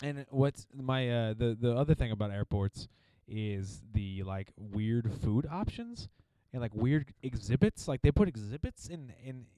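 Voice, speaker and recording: Animated young comedian, dry close sound. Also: male voice, mid-range voice, unhurried, no echo. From Missouri. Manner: animated storytelling with mocking impressions. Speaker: comedian podcast co-host. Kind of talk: casual comedic chat.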